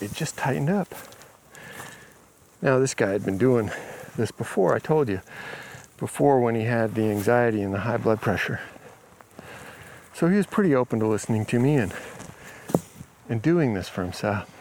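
A man casually recounting a conversation with someone he helped, in a relaxed storytelling way, speaking outdoors on a rural property. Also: mid-range voice, moderate pace, long pauses, slight background noise. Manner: relaxed, retells conversations with quoted dialogue. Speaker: healing coach.

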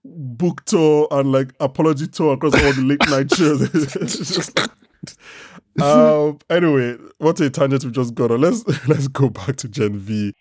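A man hosting a casual podcast, rambling and animated, swearing freely. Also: mid-range voice, unhurried, dry recording, studio quality. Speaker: podcast host. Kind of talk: casual chat.

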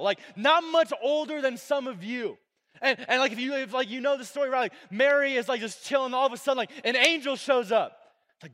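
High-voiced young pastor preaching casually. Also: male voice. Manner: casual, filler-heavy preaching with lots of "like"; animated, swings between loud and soft. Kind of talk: sermon. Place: church.

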